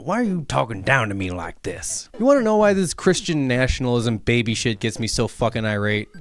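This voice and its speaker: A man's voice: medium pitch, sing-song, a little fast, hardly any pauses, faint music behind. Sarcastic, profane man ranting. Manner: sarcastic, profane, argues with imagined hecklers; builds to heated indignation. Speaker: political comedy essayist. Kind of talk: comedic scripted rant.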